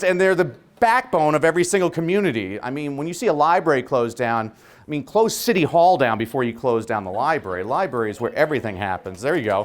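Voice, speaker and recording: A man's voice: fairly high pitch, sing-song, brisk. A man who is a teacher, giving a joking, preacher-like keynote speech. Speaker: teacher giving a conference talk.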